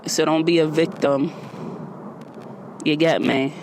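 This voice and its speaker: A man's voice: on the high side, flat delivery, takes it slowly, background noise. Rambling, slangy man hosting a podcast. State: out of breath. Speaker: podcast host. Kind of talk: casual solo podcast monologue.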